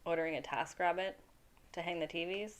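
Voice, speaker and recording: A woman's voice: on the low side, a little fast. Woman with dry, teasing asides. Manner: dry, teasing, short replies. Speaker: podcast co-host. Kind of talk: casual podcast chat.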